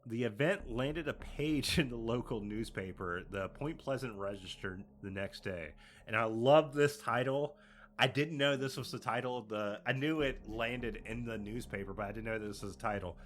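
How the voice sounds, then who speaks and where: A man co-hosting a podcast, reading out sighting reports with frequent fillers and animated asides. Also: mid-range voice, moderate pace. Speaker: podcast co-host. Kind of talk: casual chat and reading sightings.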